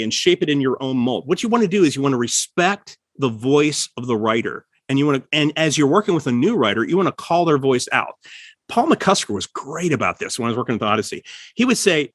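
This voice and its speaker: A man hosting a casual podcast, giving writing advice and acting out quoted lines with sudden jumps in pitch. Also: big pitch swings, a little fast, husky, no echo. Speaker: writer and podcast host.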